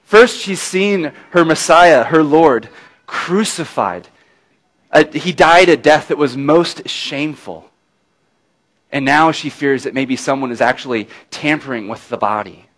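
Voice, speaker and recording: A man's voice: a little high, lively intonation, a little slow, low-quality recording. Preacher man telling a story with drama. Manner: dramatic storytelling, dropping to a near-murmur for quiet moments; addresses listeners with tag questions. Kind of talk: sermon.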